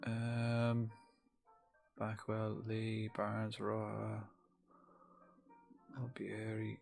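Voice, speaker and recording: A young man with a fairly low voice, talking casually through a live game stream. He mutters half-finished thoughts, swears when things go wrong and chats back to his viewers. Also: completely flat delivery, extremely slow, creaky, a little mellow, faint music behind.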